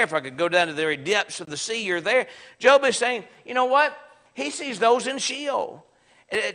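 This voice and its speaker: A Southern-accented preacher teaches a Bible class, talking conversationally but with force and emphasis. His voice is high, bright, and forceful, and he acts out sarcastic quotes as he goes.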